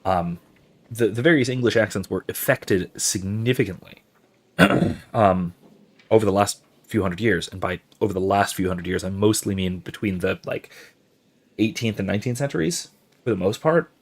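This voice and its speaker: A man's voice: fairly low pitch, normal speed, breathy edge. A man hosting a gaming channel, giving casual, professorial explanations while he plays, rambling with many fillers and restarts and reacting to viewer chat.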